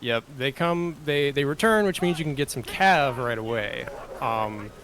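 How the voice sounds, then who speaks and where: A man walks through a game mod on a casual livestream, relaxed and full of little fillers. A faint hum sits behind his voice. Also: mid-range voice, unhurried. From Southern US. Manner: relaxed explaining with many fillers. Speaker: mod developer presenting a faction.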